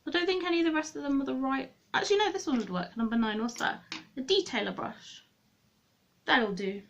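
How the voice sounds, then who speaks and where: A woman's voice: fairly high pitch, muffled recording. A woman chatting through a makeup tutorial, thinking aloud and correcting herself as she goes. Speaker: beauty vlogger.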